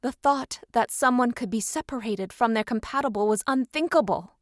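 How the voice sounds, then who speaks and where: A woman reading a first-person audiobook in steady storytelling narration. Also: a little high, normal speed, no echo, studio quality.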